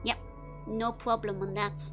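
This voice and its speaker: A woman's voice: medium pitch, little pitch movement, unhurried, music in the background. A young woman VTuber, chatting casually with viewers while playing a game, giggling often. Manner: giggly, answers chat questions, frequent laughter. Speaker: VTuber streamer. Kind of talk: casual gameplay chat with chat.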